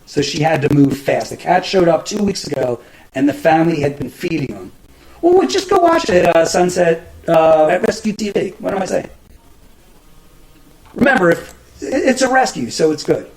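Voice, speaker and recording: A man with a high, lively voice vents about current events on his own show. His pitch leaps around as he swears in exasperation. He often trips over words and starts his sentences again. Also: moderate pace, poor audio. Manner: profane, exasperated, stumbling restarts. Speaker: podcast host. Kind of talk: casual ranting commentary.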